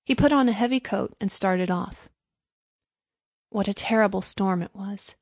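Woman narrating a storybook, mid pitch, measured and clear, dry close sound. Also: no room sound.

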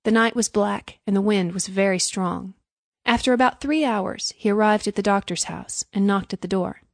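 Woman narrating a storybook, mid pitch, measured and clear, dry close sound. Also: dry recording.

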